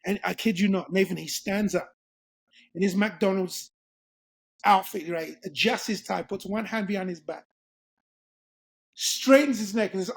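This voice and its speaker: A man's voice: high voice, a little slow, creaky, pauses often, breathy edge. A middle-aged man from England, a guest telling a story in a casual interview, laughing often and acting out the voices of the people in it. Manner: animated, laughing, acts out voices.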